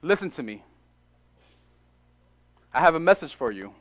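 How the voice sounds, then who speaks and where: A male pastor preaching a sermon in an animated way, acting out short dialogues and repeating phrases for emphasis. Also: fairly high pitch, moderate pace. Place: church.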